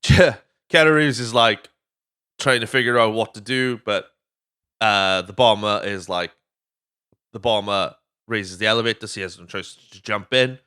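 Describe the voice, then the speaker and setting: A Welsh man hosts a casual movie podcast, his voice sitting a little low but with a bright, forceful edge. He rambles through the plot in loose chat, swearing freely and wandering off on tangents. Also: unhurried, clean tone. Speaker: podcast host.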